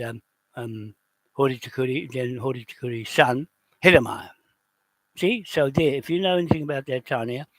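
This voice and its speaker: A man in an unscripted rant, heated and accusatory, swearing and often shouting. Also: mid-range voice. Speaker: video host.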